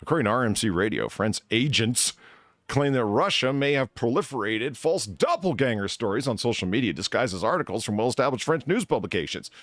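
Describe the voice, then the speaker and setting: A man's voice: mid-range voice, animated, brisk, fairly bright tone, no room sound. A man hosting a casual comedy podcast, reading news items and ranting about them with lots of swearing. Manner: ranting, profane, reads news items then riffs. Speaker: podcast host.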